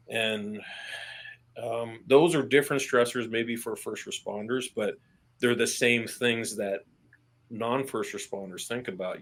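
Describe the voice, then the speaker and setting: A man with a fairly low voice speaks as a guest in a candid podcast interview. He talks in an earnest, plain-spoken way, swears casually, and restarts his phrases when pressing a point. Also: a bit bright. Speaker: army veteran guest.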